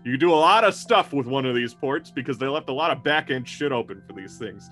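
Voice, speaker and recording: A man's voice: medium pitch, lively intonation, fairly quick, pushed and bright, soft background music. Laid-back, rambling male game master. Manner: casual, rambling, laughs often, swears. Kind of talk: narrating a tabletop game.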